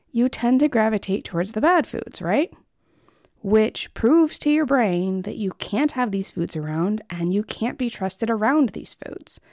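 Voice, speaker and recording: A woman's voice: medium pitch, mellow, dry recording, clean studio sound. A woman therapist hosting her own podcast, talking straight to the listener in a conversational way and calling them friend. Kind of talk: solo podcast talk.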